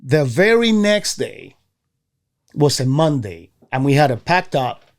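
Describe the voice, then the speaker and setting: A man from Venezuela, a former baseball player, telling stories in a casual interview, animated and acting out the voices of others. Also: measured pace. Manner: animated, acts out quoted voices with jumps in pitch. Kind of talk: casual storytelling.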